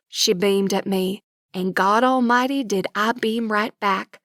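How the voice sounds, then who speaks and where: A woman narrating a romantic comedy audiobook in first person, with wry, lively storytelling. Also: medium pitch, unhurried, no room sound, clean studio sound.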